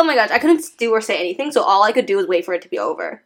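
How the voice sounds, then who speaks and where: A woman's voice: mid-range voice, racing, hardly any pauses. A young woman chatting casually with her sister, telling a childhood story with lots of laughter. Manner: animated, laughs while telling stories. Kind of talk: casual chat.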